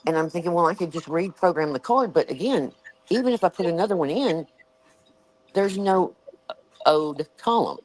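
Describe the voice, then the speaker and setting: Lively Southern woman telling a story. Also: lowish voice, normal speed, slight background noise, rough recording. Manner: animated, acts out quoted voices. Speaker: show host. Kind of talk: casual storytelling chat.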